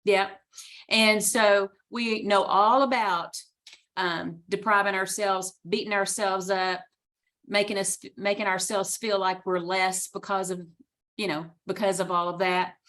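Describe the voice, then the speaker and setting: A woman's voice: mid-range voice, steady tone, unhurried, fairly bright tone. A woman coach speaking on a video call, chatty and reassuring. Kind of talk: casual motivational talk on a video call.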